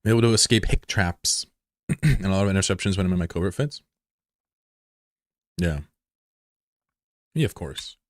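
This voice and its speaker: Deep-voiced man chatting with stream viewers. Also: animated, normal speed, pauses often, dry recording, studio quality. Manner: joking, profane, laid-back banter. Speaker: game streamer. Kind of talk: casual live-stream chat with viewers.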